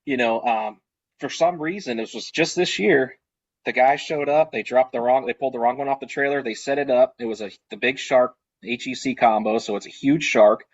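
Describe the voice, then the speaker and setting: A man with a slightly husky voice tells his stories in a loose, rambling way, full of fillers, restarts and asides. He sounds like a small business owner swapping tips on a video call. The sound is a little dull and muffled. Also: mid-range voice, moderate pace. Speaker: party rental business owner. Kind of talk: casual storytelling on a video call.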